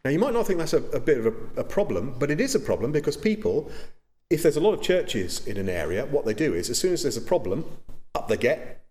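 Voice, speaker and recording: Earnest pastor, lively delivery. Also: male voice, mid-range voice, fast, slight background noise. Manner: earnest, conversational preaching with asides. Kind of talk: sermon. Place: church.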